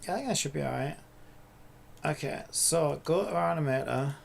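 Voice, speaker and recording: Casual male streamer, slightly high, gravelly voice, rambling think-aloud delivery, faint typing behind. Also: a little fast, a little hiss or hum. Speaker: streamer and indie game developer. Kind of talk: casual live-stream commentary while coding.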